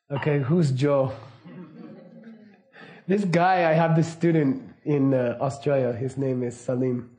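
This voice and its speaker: A middle-aged man giving a casual, anecdotal teaching talk, relaxed and laughing often. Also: medium pitch. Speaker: Buddhist teacher.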